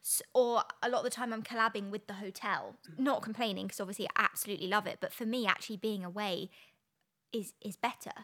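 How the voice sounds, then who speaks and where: A woman's voice: medium pitch, steady tone, fast, a bit bright. A woman, co-hosting a podcast in casual chat, talking freely with lots of fillers. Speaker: podcast co-host, influencer.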